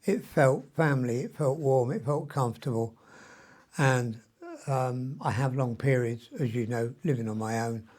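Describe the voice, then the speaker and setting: An older man in his seventies talks through a meandering video diary, full of ums and the odd mild curse. His voice sits at an ordinary middle pitch. He sounds worn out and short of breath, like someone still recovering from illness. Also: normal speed, a little mellow. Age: 70s. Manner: chatty, meandering, mild swearing, frequent ums. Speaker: vlogger. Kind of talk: rambling personal video diary.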